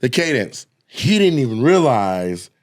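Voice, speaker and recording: A man's voice: medium pitch, very animated, measured pace. A man, a comedian and podcast co-host, telling a profane, laugh-filled story and acting out voices and sound effects.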